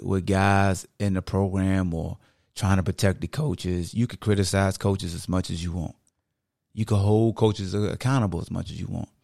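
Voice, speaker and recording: A male podcast host talks straight into his microphone in a relaxed, conversational way. His voice sits low and gravelly. He often breaks into the voices of fans as he quotes them, and the sound is close and dry. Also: dry recording. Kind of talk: casual podcast talk.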